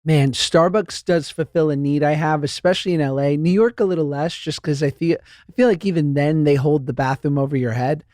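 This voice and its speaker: A man's voice: fairly high pitch, a little fast, few pauses, a little mellow, dry recording. Playful male podcast host, dry close sound. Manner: playful, rambling with many fillers. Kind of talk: casual chat.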